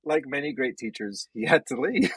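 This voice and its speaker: A man's voice: medium pitch, animated, normal speed, breathy edge, dry recording, low-quality recording. A man, a stand-up comedian guest on a podcast, giving a playful, teasing roast-style introduction.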